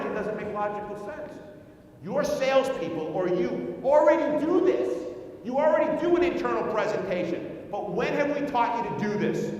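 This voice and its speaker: A man with a high voice talks to a conference audience about sales, heard from far off in a large hall. His words ring with a long, heavy echo and faint room noise. He tells a story, acts out the people in it, and keeps throwing questions at the crowd. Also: a little mellow. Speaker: conference speaker. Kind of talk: sales training talk told as a story. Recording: echoey hall, speaker far from mic.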